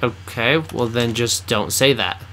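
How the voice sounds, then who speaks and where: A man's voice: medium pitch, a little slow, bright, forceful tone, a little hiss or hum. A man giving blunt, teasing commentary while playing through a video game with a friend. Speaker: game co-host. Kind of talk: let's play commentary.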